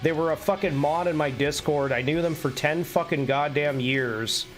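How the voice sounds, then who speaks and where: A man on a live stream, talking in a fairly high voice and ranting off the cuff. He is blunt and heated and swears in nearly every sentence, with faint music playing underneath. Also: moderate pace. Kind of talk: unscripted live-stream rant.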